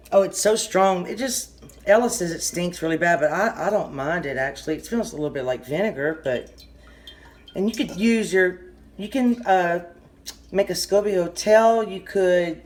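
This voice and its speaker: A middle-aged woman with a Southern US accent giving a casual kitchen how-to, rambling and halting, often stopping mid-sentence to restart. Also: fairly low pitch, a little mellow. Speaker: home cooking channel host.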